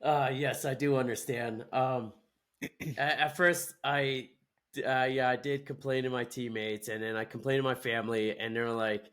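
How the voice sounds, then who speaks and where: A man's voice: mid-range voice, steady tone, moderate pace, a bit bright. Hesitant young man telling his story. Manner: hesitant, many restarts and fillers. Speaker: guest. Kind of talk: casual chat.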